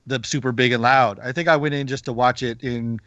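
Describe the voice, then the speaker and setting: A man's voice: medium pitch, fairly even intonation, brisk, fairly bright tone, dry recording, highs cut off. A man co-hosting a podcast, rambling with many "like"s and restarts. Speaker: podcast co-host. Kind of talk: casual chat.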